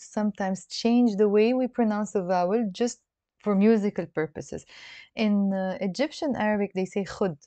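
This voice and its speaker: A woman's voice: mid-range voice, warm tone, no echo, lo-fi sound. A woman with a Lebanese accent teaching an online language lesson, explaining patiently and often checking in with "okay?". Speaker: Arabic teacher. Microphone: video call.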